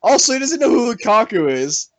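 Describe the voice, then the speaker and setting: A man's voice: extremely high pitch, sing-song, fairly quick. A man co-hosting a casual fan podcast, rambling through a story with many fillers. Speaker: podcast co-host. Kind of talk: casual chat.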